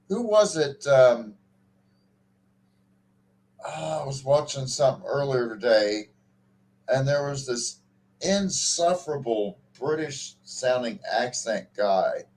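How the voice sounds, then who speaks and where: A man's voice: medium pitch, expressive, slow, long pauses. A man co-hosting a casual podcast chat, ranting with profanity and frequent restarts. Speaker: podcast co-host.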